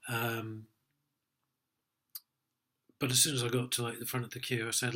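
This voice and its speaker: A man's voice: mid-range voice, flat delivery, moderate pace, long pauses, sharp tone. A middle-aged man, telling his own story in a sweary, aggrieved, rambling way, full of ums. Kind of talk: casual personal account.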